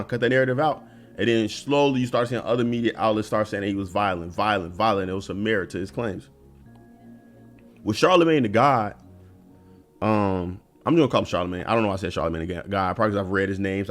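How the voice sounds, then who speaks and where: A man hosting a solo commentary video, talking earnestly and conversationally, often restarting his sentences and filling pauses with um and uh. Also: lowish voice. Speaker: commentary channel host.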